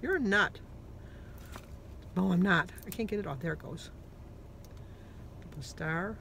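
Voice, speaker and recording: A woman vlogging her weight-loss diary in a casual, chatty way, an animated storyteller who acts out both sides of conversations, upbeat and self-deprecating. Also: fairly low pitch, normal speed, vocal fry, slight background noise.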